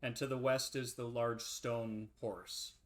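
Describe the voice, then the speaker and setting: A man narrating and describing scenes as game master of a tabletop role-playing game, relaxed, with frequent ums and uhs. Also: medium pitch, slow, slight background noise.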